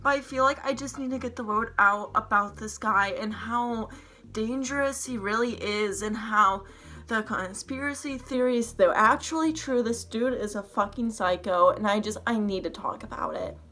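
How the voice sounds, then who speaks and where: A young woman telling a storytime vlog in an excited, rambling, swearing way. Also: a little high, moderate pace. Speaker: vlogger.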